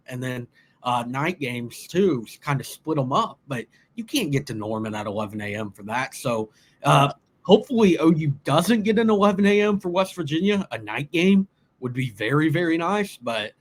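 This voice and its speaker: A young man from talks college football recruiting in an easygoing, rambling way. He often restarts his sentences and leans on fillers. His colors a voice of middling pitch. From Oklahoma. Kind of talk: casual sports chat.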